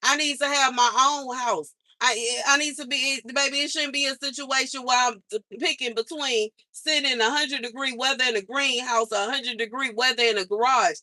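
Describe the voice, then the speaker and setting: Fed-up woman vlogger ranting to camera; bright tone, repeats lines for emphasis. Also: high voice, fairly even intonation, normal speed, no room sound. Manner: exasperated, repeats herself for emphasis. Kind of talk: angry venting monologue. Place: outside her mother's house.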